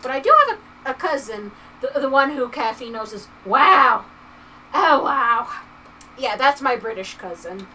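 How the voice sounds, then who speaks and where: A woman's voice: on the high side, expressive, brisk, hardly any pauses, bright, forceful tone, far from the mic, slight background noise, poor audio. A woman hosting a livestream, chatting casually in a rambling way with lots of filler words while she crafts at home. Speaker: livestream host.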